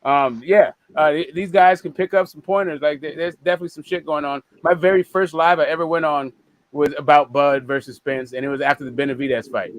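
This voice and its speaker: A man's voice: fairly high pitch, fairly even intonation, brisk, dry recording. Rambling man with a dry close voice. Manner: rambling, many fillers and restarts. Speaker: podcast co-host. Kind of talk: casual boxing chat.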